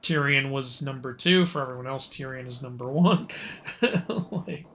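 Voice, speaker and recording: A man's voice: mid-range voice, moderate pace, a bit bright, slight background noise. A man joining a co-op game stream as a guest, chatting casually, joking and laughing often. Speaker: guest co-op player. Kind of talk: casual gaming chat.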